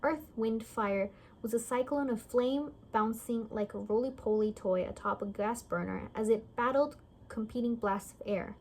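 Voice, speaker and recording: A woman's voice: a little high, normal speed, darkish tone. A woman reading a novel aloud in a casual way, often stumbling over words and correcting herself. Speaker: reader.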